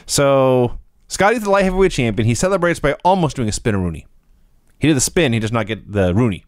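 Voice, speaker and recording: A man's voice: medium pitch, animated, fast talker, no room sound, clean studio sound. A man co-hosting a podcast, recapping wrestling from his notes in a matter-of-fact casual way. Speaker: podcast co-host.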